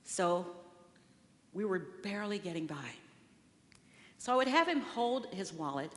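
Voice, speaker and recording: A woman in her sixties giving a sermon as guest speaker in a church sanctuary, telling a personal story in an expressive storytelling way. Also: fairly low pitch. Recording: long reverberant hall.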